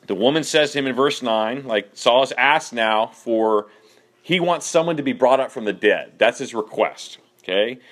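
A man's voice: medium pitch, fairly bright tone. A man leading a group Bible study in a casual way, reading verses and asking the group questions.

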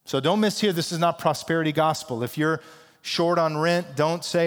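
A man's voice: fairly high pitch, normal speed, in a large hall. A man pastor preaching a sermon in a conversational, emphatic way with casual asides.

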